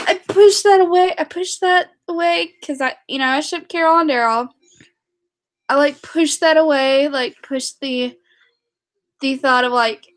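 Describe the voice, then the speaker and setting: A young woman chatting to her camera in a high voice, rambling and excitable. She takes her time, circling back over her words with fillers and restarts. It sounds like a casual vlog recorded at home. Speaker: vlogger.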